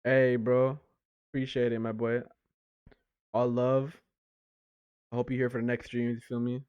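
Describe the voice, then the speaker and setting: A man's voice: medium pitch, completely flat delivery, measured pace, clear, resonant tone, no echo, highs cut off. A man reacting on a live stream in a laid-back, slangy way, talking to his viewers.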